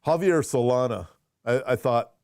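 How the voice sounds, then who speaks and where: A man's voice: mid-range voice, moderate pace, darkish tone, no room sound, clean studio sound. A man, a pastor, hosting a casual conversational show with lots of restarts as he talks. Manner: conversational, restarts and fillers, reads viewer questions. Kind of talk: casual chat.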